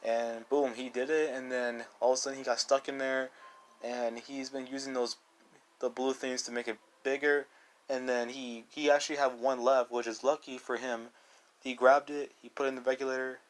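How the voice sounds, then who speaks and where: A man talking through movie rankings in a loose, unscripted way. He rambles and restarts, leans hard on "like" and "dude", and sounds eager. His voice sits at a middle pitch for a man. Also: flat delivery, moderate pace. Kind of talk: casual movie review.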